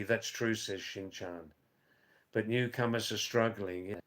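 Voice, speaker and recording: Slow, dry-humored man chatting live. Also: fairly low pitch, fairly even intonation, fairly bright tone. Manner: slow, rambling, dry teasing asides. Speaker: live stream host reading chat. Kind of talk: casual live stream chat. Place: Nepal or India.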